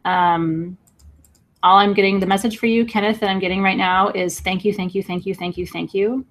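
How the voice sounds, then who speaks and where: A woman hosts a live sale stream, gushing over each piece and speaking straight to her viewers. She laughs easily, and her talk runs warm and emotional, with a voice at an ordinary middle pitch. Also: steady tone, normal speed. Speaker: livestream crystal seller.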